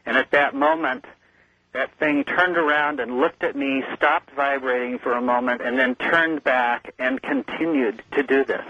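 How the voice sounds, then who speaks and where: A man's voice: medium pitch, steady tone, a little slow, sharp tone, no echo. A man calling in as a guest on a radio interview, telling his story in an earnest, vivid way. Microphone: telephone. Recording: muffled phone line.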